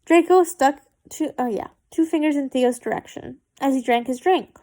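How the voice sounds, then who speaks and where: A woman's voice: high voice, moderate pace, mellow. A woman reading fan fiction aloud, stumbling and correcting herself, with chatty asides.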